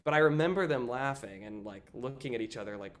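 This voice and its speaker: A young man in an interview, telling a story in a lively casual way, often saying "like" and acting out what people said. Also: mid-range voice, fast. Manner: animated, acts out quoted voices, frequent "like". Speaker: guest, stage actor.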